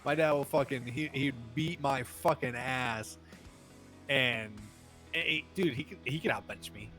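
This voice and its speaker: A young man co-hosting a casual podcast, profane and excitable, peppering his talk with dude. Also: medium pitch, a little slow, soft background music. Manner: profane, keeps saying dude. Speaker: podcast co-host. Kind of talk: casual chat.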